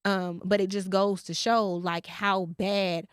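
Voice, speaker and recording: A woman podcast host, telling a story in casual chat and quoting others in a lowered voice. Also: level tone, slow pace, clean tone, dry recording, studio quality.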